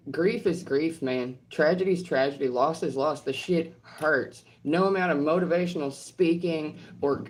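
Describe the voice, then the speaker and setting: Answering trolls, this online creator and healthcare professional launches into a heated monologue full of profanity, confronting them bluntly and repeating her points for emphasis. Her voice is deep with a darkish tone.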